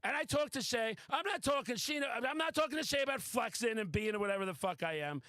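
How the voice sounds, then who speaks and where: A man hosting a podcast, telling a wild story in a casual, excitable, boastful way and swearing freely. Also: very high-pitched, a little fast, no echo. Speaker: podcast host. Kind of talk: casual chat.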